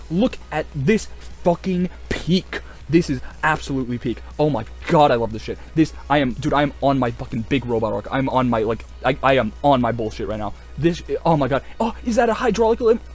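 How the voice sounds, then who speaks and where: Young male creator, higher pitch, excitable profane rambling, faint music underneath. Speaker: video creator. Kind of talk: casual rambling video commentary.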